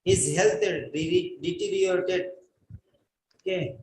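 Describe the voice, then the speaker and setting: A man's voice: on the high side, slow, long pauses, slight background noise. A man teaching an English writing class, giving a lecture and drilling instructions by repeating them again and again. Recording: echoey room.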